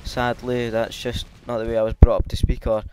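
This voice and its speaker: A man's voice: mid-range voice, completely flat delivery, brisk, a little hiss or hum. A Scottish man giving casual, hesitant commentary over his gameplay, with lots of filler ums. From Scotland. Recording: loud game gunfire behind.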